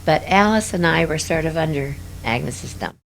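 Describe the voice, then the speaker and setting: A woman's voice: low-pitched, animated, moderate pace, creaky, a little hiss or hum. An older woman reminiscing in an interview, rambling and hesitant with many fillers.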